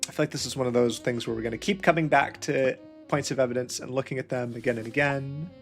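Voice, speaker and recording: A let's play host with a medium-pitched, steady voice speaks quickly while playing a detective puzzle game, thinking aloud and muttering questions to himself as he works through the clues. Faint music plays in the background.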